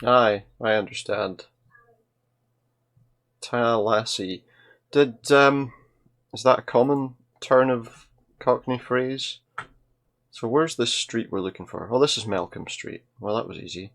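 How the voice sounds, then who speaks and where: A man's voice: medium pitch, a little slow, long pauses, fairly bright tone. A man giving casual let's-play commentary, thinking aloud and reading game dialogue as he plays. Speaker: video game player.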